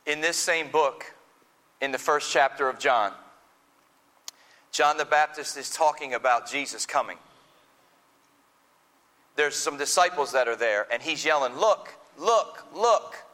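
A man preaching a sermon, retelling a scripture story slowly and dramatically with quoted dialogue. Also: mid-range voice, bright, forceful tone, poor audio. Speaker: pastor.

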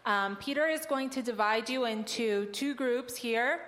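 A woman's voice: on the high side, unhurried, a bit bright. A woman leading an audience through a group exercise, cheerful and teacherly, laughing often. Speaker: missionary presenter. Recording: long hall reverb.

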